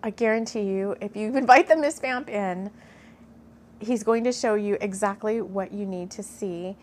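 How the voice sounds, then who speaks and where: A woman's voice: medium pitch, moderate pace. A middle-aged woman reading a channeled mystical story aloud, breaking off into earnest, gushing asides and getting emotional. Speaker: spiritual storyteller.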